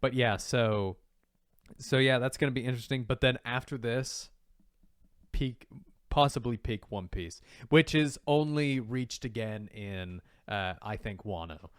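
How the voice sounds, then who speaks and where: A man with a smooth, clear voice chats casually as a podcast co-host, animated and quick to act out lines in a higher, louder voice. The sound is close and dry, with no room around it. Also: no room sound. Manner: animated, acts out character lines in a raised voice. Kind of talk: casual chat reviewing manga.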